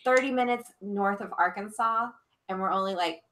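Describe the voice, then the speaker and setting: A woman's voice: medium pitch, moderate pace, fairly bright tone. A woman co-hosting a casual live stream, reading viewer comments and giggling often. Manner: chatty, giggly.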